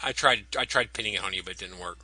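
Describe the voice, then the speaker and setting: A man's voice: low voice, fast, bright, forceful tone, rough recording. A man from the South, hosting a comedy podcast and telling stories with frequent laughter. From American South. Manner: laughing, playful storytelling. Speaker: podcast host. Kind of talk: casual comedic chat.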